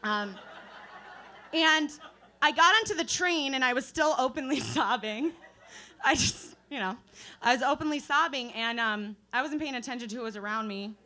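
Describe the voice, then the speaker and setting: A young woman working through a stand-up set at an open mic night. Her voice sits high and sounds bright and sharp. She tells self-deprecating stories loosely, with fillers, restarts and laughter. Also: normal speed. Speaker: stand-up comedian.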